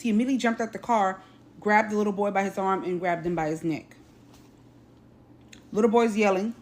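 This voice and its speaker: A woman recounts a news story for her social video audience, speaking in short, urgent bursts of phrasing. Her pitch sits in the middle range, and her delivery pushes forward from one clipped beat to the next. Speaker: host.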